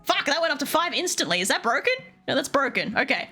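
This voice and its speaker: A woman streamer giving live gameplay commentary, excitable and foul-mouthed, often talking straight to the characters in the game. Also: high-pitched, fast talker. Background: faint game music.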